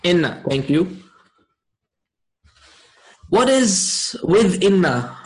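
A man teaching a Quran and Arabic lesson, checking in with his class often and reciting verses quickly. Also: high voice, sing-song, low-quality recording. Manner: asks the class frequent check-in questions, many fillers. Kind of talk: interactive online class lesson.

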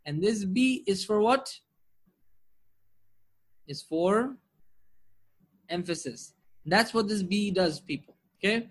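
A man teaches Arabic grammar in an online class with a shared screen, explaining patiently, posing rhetorical questions, and fluently reciting Quranic verses between his English explanations. His voice sits high and sounds animated with a breathy edge. He takes it slowly, with long pauses.

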